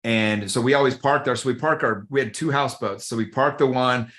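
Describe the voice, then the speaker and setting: Animated male podcast guest telling a story. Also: mid-range voice, a little fast. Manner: animated, conversational, addresses the host by name. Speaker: guest, men's group coach.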